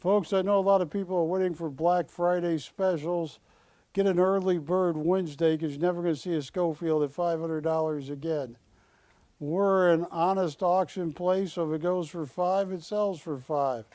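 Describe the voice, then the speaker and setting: On a TV studio shopping channel, a man with a high, warm, steady voice calls out bids at a normal pace during a live on-air auction, with no echo. He jokes, pleads with viewers, and builds rising calls of going once, going twice.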